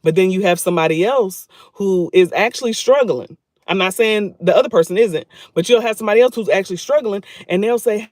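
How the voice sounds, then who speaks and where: A YouTube livestreamer with a high-sitting voice chats casually and directly to his viewers at a moderate pace, repeating phrases for emphasis. The recording is dry and clean, with studio sound.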